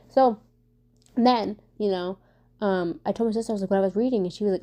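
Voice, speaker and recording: Fast, stumbling, mellow-voiced woman vlogger. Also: a little high. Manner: fast talker who stumbles and stutters; many fillers and restarts, animated storytelling. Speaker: vlogger answering viewer questions. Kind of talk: casual rambling chat.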